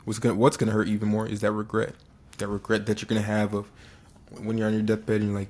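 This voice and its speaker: A man's voice: on the low side, monotone, fast talker, a little mellow. A young man giving an earnest, casual motivational talk, often restarting and repeating phrases for emphasis. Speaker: motivational speaker.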